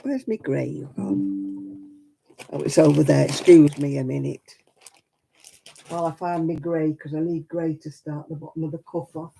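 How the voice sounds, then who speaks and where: Gravelly, chatty woman. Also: low voice, measured pace, pauses often, mellow, slight background noise, low-quality recording. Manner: chatty, self-deprecating, greets viewers by name. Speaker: crafting livestream host. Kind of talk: casual livestream chat with viewers.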